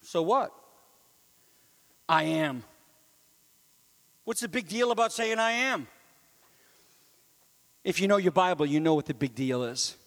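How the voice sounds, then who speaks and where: A man preaching a sermon in a lively, conversational way, with asides to the congregation and sudden swings from loud to hushed. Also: on the high side, measured pace, vocal fry, pauses often, in a large hall. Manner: animated, swings from loud to near whisper. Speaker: pastor.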